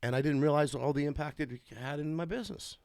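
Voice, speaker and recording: A man in his forties giving a candid, emotional testimony about his marriage and family, swearing freely and swinging into excited bursts. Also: a little high, fast talker, no room sound. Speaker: father sharing his story.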